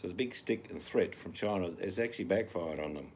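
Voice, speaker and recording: An older man with an Australian accent hosts a casual live chat from home in the evening, reading out comments in a blunt, rambling way and swearing offhandedly now and then. His low voice is a little fast and a little mellow, with a slight hiss or hum on the recording.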